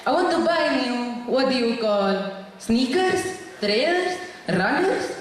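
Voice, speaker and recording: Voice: sits high, animated, slow, far from the mic. A young performer on a school stage playing a cheerful, confused man, laughing as they talk. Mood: chatty. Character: cheerful Italian man Marco, chatty and confused. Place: large school hall stage. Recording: echoey hall, from afar, noisy.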